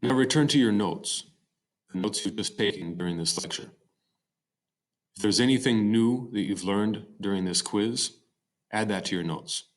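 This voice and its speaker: Man, very low voice, poetry lecture narration, explanatory, some ums and restarts. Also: moderate pace, long pauses. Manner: explanatory, with fillers and self-corrections. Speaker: teacher. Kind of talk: recorded slide-show lecture.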